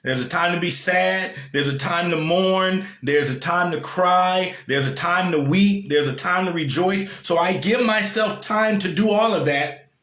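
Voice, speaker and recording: A man's voice: sits high, measured pace, a bit bright, reverberant. A man giving a casual motivational talk, repeating lines for emphasis and asking his listeners questions. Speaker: motivational speaker.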